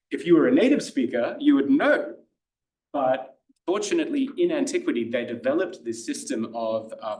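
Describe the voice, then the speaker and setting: Casting: Australian male tutor, middle pitch, chatty and halting, recorded from across an echoey room. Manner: chatty, hesitant, many fillers and restarts. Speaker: Greek tutor giving a lecture. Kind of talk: informal lecture. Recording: roomy lecture room, mic at a distance.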